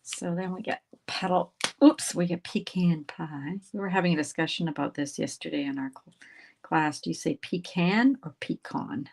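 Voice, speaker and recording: A woman, hosting a casual crafting tutorial livestream, chatting as she works and slipping into soft murmured asides. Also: on the low side, moderate pace, gravelly, slightly rough, rough recording. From Canada. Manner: chatty, talks while working, drifts into soft murmured asides. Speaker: craft instructor and livestream host.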